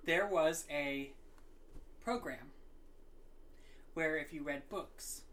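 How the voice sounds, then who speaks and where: A man's voice: a little high, very slow, a bit bright, a little hiss or hum. A man co-hosting a casual podcast chat, playful and jokey, slipping into silly accents. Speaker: podcast co-host.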